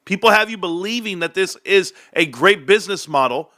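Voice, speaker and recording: A man's voice: high-pitched, expressive, brisk, few pauses, pushed and bright, no room sound, clean studio sound. A man hosting his own stock market stream, giving brash, combative and profane commentary.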